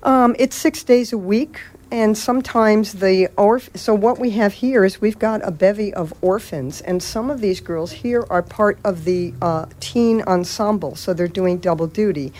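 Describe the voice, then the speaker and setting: A woman's voice: mid-range voice, measured pace, few pauses, a little mellow. Thoughtful woman theater director. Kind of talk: radio interview talk.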